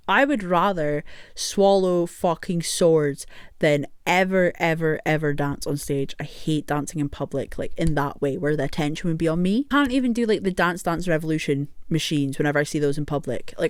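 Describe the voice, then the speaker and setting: Woman rambling thru a storytime vlog, swears a lot, lowish voice, dry close sound. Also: darkish tone, smooth, dry recording. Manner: chatty and rambling, swears freely, laughs often. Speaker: vlogger telling a story. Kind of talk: casual storytime monologue.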